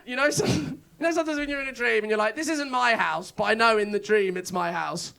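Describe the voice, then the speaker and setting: A man performs stand-up in a comedy club, his voice extremely high, fast, creaky, bright, and forceful, yet clean in tone. His rambling tales poke fun at himself and keep the live audience laughing, and the room captures that laughter.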